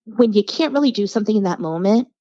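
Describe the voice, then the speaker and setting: A woman's voice: medium pitch, fast talker, no room sound, lo-fi sound. A woman telling stories as a podcast guest in casual chat, acting out the voices of people she quotes. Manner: animated storyteller, acts out quoted voices.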